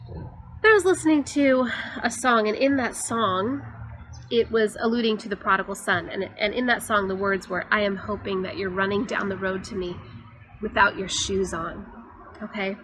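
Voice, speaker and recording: A woman giving an earnest, confessional faith talk for her church, often pausing on fillers. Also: medium pitch, a bit bright, poor audio. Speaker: church speaker.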